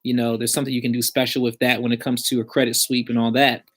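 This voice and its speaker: A man's voice: mid-range voice, little pitch movement, quick pace. Blunt streetwise man giving advice. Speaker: credit repair advisor. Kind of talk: casual advice vlog.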